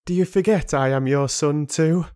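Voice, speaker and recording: A man's voice: a little high, a little slow, darkish tone, slightly rough, pitched above the performer's own voice. A man voicing a frail, sickly young man who sounds weak, breathless and shaky. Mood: pleading, defiant.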